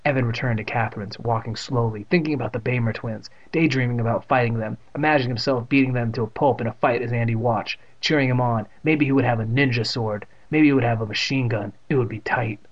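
Male reader, children's horror book with crude jokey asides, middle pitch, dull lo-fi recording. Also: breathy edge. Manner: irreverent, swearing asides.

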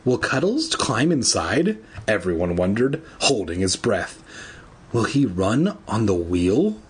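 A man reads a kids' horror book aloud in a husky voice, his pitch swinging widely as he shrieks the characters' lines. He keeps stopping for crude, swearing asides, all in a loose comedic read-aloud. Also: big pitch swings, takes it slowly. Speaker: reader of a children's horror novel.

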